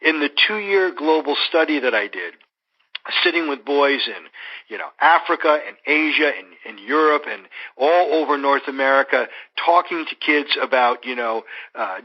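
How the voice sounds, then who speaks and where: In a slightly muffled, lo-fi recording, a man at a medium pitch speaks as an interview guest. He explains patiently and steadily, filling pauses with "you know". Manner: measured, explanatory, frequent "you know" fillers. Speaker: clinical psychologist guest. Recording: dull lo-fi audio.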